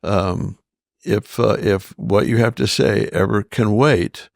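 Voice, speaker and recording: An older man, a pastor and interview guest, talking in a gentle, thoughtful way with frequent restarts. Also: fairly low pitch, slow, creaky, no echo, clean studio sound. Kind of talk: relaxed conversational interview.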